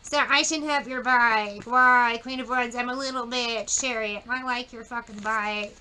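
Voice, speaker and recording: A woman's voice: on the high side, fairly even intonation, unhurried, pushed and bright, a little hiss or hum, low-quality recording. A woman putting on the voice of a whiny, sulky grown man who wants someone's bike, whimpering and petulant.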